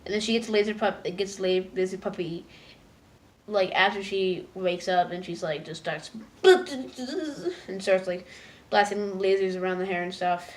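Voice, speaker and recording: A woman casually recapping a cartoon episode, rambling with lots of "like"s and stumbling restarts, jumping into high loud voices for the characters. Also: measured pace. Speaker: episode reviewer.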